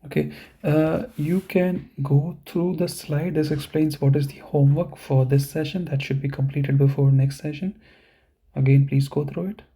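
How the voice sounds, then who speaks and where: A male language teacher explains sentence structure in an online lesson, checking in with "okay" and "you know". His voice is gravelly and dark, set slightly high for a man. He talks into a computer microphone. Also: steady tone, normal speed. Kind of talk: online class lecture.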